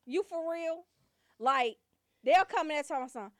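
A woman telling profane comedy stories, loud and animated, swearing and laughing often. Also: sits high, normal speed, no echo.

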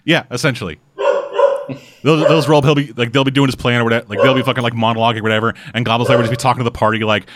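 A man co-hosting a casual chat, swearing freely and acting out quick character voices. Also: medium pitch, steady tone, a bit bright, no echo, clean studio sound. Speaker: podcast co-host.

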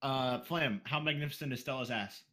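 A man's voice: mid-range voice, brisk, sharp tone. A man hosting a casual podcast, reading listener questions in a teasing, crude manner.

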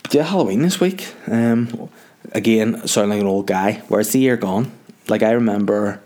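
A man's voice: lowish voice, normal speed, dark tone. Rambling Northern Irish podcast guy. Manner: rambling, jokey, self-mocking. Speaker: podcast host. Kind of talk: casual solo chat.

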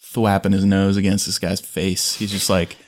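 A man playing a tabletop game, playful and quick to laugh. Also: low voice, little pitch movement. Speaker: player. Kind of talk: casual tabletop game play.

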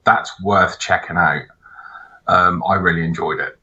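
A man chatting casually as a podcast co-host, telling animated, sweary stories. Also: low-pitched, unhurried, muffled recording. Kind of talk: casual chat.

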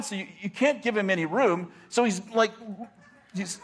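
A middle-aged man, a pastor, telling stories in a casual, animated way and laughing often as he talks. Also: sits high, fairly quick, slight background noise. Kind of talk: casual storytelling.

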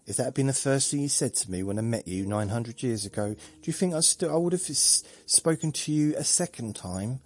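A man's voice: mid-range voice, expressive, brisk, few pauses. A man hosting a podcast in a chatty, rambling, self-mocking monologue. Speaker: podcast host.

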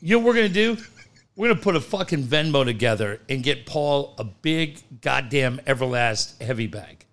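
A man's voice: medium pitch, moderate pace. A man co-hosting a podcast, joking and swearing freely in casual banter. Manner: profane, animated, laughing easily. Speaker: podcast co-host.

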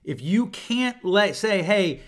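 Speaking slowly into a desk mic at his home computer, a middle-aged solo podcast host sounds high-pitched and animated. He muses earnestly, repeatedly starting over and doubling up on words.

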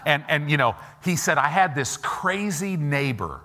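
Bright-voiced pastor telling a story. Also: male voice, a little high, unhurried. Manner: animated storyteller, acts out quoted voices; informal, asides to the audience. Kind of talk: storytelling sermon. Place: church.

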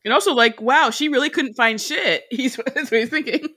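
Podcast co-host, woman, very high and bright, lively swings in pitch; wry quips, frequent laughter. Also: moderate pace, slightly rough. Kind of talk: casual recap chat.

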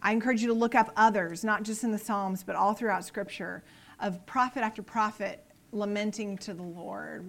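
A woman preaching a sermon in an earnest way, moving between soft, quiet lines and emphatic ones, and closing in prayer. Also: medium pitch, steady tone, moderate pace, vocal fry. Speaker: pastor.

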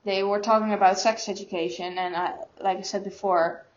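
Dutch-accented young woman guest, halting and searching for words, flat delivery on a muffled recording. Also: mid-range voice, slight background noise. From Netherlands. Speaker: student guest. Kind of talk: casual personal storytelling. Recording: dull lo-fi recording.

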